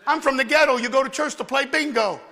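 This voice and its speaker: A man giving his testimony to a church youth rally, telling it as comic, animated preaching that swings from hushed asides to shouting. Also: very high-pitched, quick pace, creaky. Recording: long hall reverb from a church venue.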